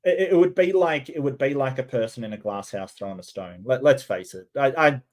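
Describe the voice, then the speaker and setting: A man's voice: mid-range voice, fairly quick, a little mellow. Sarcastic Australian man reacting to clips. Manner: sarcastic, mocking. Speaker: commentary host. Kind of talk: reaction commentary.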